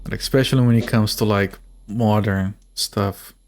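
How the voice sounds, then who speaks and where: A man's voice: fairly low pitch, fairly even intonation, normal speed, a little mellow. A man streaming a game, chatting with viewers and thinking aloud in a rambling, casual way, sometimes swearing. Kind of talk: casual let's-play commentary.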